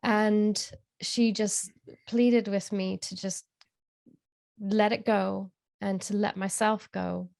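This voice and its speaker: Woman, gravelly voice, dry sound, candid emotional storyteller. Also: medium pitch, little pitch movement, slow, a little mellow, dry recording. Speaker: interview guest. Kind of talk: personal storytelling.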